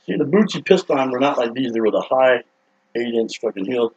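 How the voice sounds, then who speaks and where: Gravelly man rambling through a rowdy story. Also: medium pitch, fairly quick, dull audio. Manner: excitable, profane, acts out quotes loudly. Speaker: rock singer telling a story.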